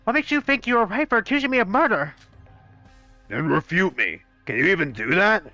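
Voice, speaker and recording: Excitable, swearing young man gaming. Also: sits high, a little fast, no room sound, faint music behind. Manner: excitable, swearing, mock-outraged. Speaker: let's play gamer voicing a fan game. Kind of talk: live game playthrough with character voices. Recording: dull, dry close-mic sound.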